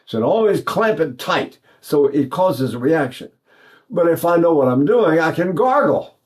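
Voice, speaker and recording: A little high and a little mellow, this man's voice is sing-song at a moderate pace. An older man from East Texas, he runs a singing lesson with sung demonstrations in a rambling, folksy way, restarting frequently.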